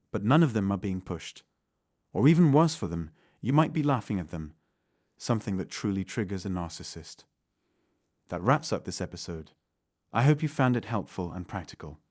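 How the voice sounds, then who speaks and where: A man giving calm, measured self-help advice in scripted narration. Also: on the low side, no room sound, studio quality. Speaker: channel narrator.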